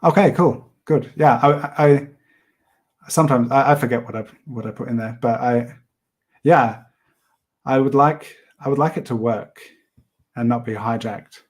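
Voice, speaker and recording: A man hosting an art livestream, chatting casually while he sketches, rambling with many pauses and small laughs. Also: mid-range voice, breathy edge. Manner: rambling, hesitant, laughs often. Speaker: livestream host and artist.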